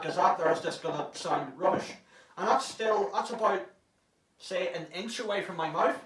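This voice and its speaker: A man's voice: sits high, a bit bright. A man giving a casual how-to demonstration, chatty and jokey, with some swearing, recorded inside an enclosed prop casing. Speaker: prop hobbyist. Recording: echoey, from far off the mic.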